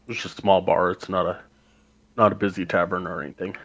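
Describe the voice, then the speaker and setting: A man working as game master, describing scenes in a matter-of-fact, unhurried way over a voice chat mic. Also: sits low, level tone, fairly bright tone, highs cut off. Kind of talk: narrating a tabletop game.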